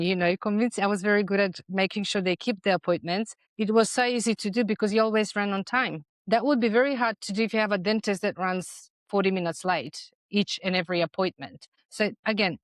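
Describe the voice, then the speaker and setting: A woman's voice: on the low side, no room sound. A middle-aged woman speaking as a podcast guest, explaining her ideas in a persuasive, emphatic way. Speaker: guest, dental practice management consultant. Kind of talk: conversational interview.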